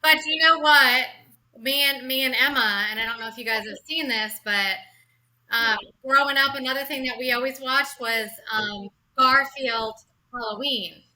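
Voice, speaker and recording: A woman's voice: high-pitched, moderate pace, pushed and bright, a little hiss or hum, poor audio. A middle-aged woman hosting a casual podcast chat, talking enthusiastically. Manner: enthusiastic, chatty. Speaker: podcast host.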